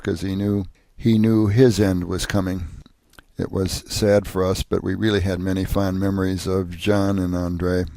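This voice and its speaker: A man's voice: deep voice, creaky, mellow, no room sound. An older man narrating a personal family history, earnest and plain-spoken, with occasional restarts.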